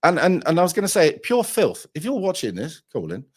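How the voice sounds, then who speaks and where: A man's voice: a little high, wildly swooping pitch, brisk, husky. A hungover man, hosting a livestream and chatting crudely, swearing and rambling. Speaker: livestream host. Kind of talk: crude casual chat.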